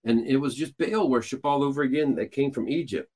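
Male host, mid-pitched, rambling explainer with many restarts. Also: a little fast, a little mellow. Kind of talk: casual teaching talk.

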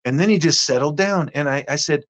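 A middle-aged man with a fairly high voice recounts a personal faith testimony as an interview guest. He speaks earnestly and with animation, often restarting his sentences as he tells the story. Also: fairly quick.

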